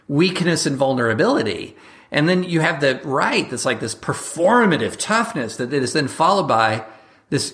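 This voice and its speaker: A man speaking as a guest commentator in a casual interview, talking quickly and animatedly, slipping into mock voices for examples. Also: medium pitch, fairly bright tone.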